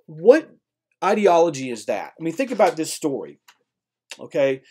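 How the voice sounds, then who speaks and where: A man's voice: on the high side, normal speed, husky. A man lecturing a class on literature in a conversational way, often checking in with "okay?" and "right?". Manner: animated, acts out voices when retelling.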